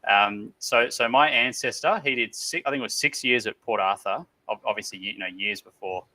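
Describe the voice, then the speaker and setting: Bright-toned Australian man, halting. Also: on the low side, no room sound, poor audio. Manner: halting, searching for words. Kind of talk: casual chat.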